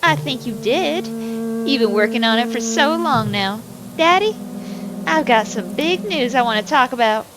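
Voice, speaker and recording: A woman's voice: on the high side, expressive, measured pace, background noise. A woman voicing a cheerful young daughter with a Southern US country accent, reading her letter home in a chirpy drawl.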